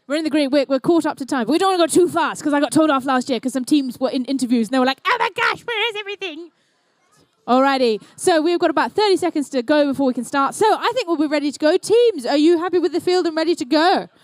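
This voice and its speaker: High-voiced playful woman commentator. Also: fast talker, hardly any pauses, a little mellow, no room sound. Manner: playful, jokey banter with the crowd. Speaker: event commentator and emcee. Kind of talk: live event commentary. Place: indoor competition venue.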